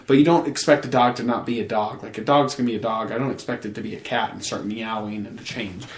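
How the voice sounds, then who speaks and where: A man's voice: on the low side, fast, slight background noise. Rambling, profane young man in a roomy space. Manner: rambling, profane, animated storytelling with acted quotes. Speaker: podcast host. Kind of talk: casual podcast chat. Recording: roomy echo.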